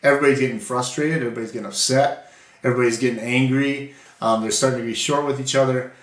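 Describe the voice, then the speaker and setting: A man's voice: mid-range voice, fast talker, reverberant, noisy background. A man co-hosting a podcast, telling a story in earnest, casual faith-based chat. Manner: earnest storytelling, animated when quoting. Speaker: podcast co-host.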